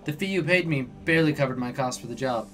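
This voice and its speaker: A man voices an experienced woman hacker delivering a report in a cyberpunk game. She sounds matter-of-fact, at a middle pitch, with faint music underneath. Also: fast, natural voice. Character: seasoned woman information broker.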